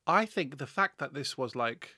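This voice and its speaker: A man's voice: medium pitch, expressive, moderate pace, sharp tone, slightly rough, dry recording, studio quality. A man in his twenties co-hosting a podcast, blunt and sardonic in a camp way. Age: 20s. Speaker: podcast co-host. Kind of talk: casual podcast chat.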